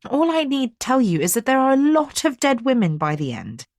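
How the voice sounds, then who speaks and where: A woman's voice: high voice, big pitch swings, moderate pace, no room sound, studio quality, voice pushed up. A woman reading the part of an anxious, fretting middle-aged mother, worried and scolding. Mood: anxious, fretful.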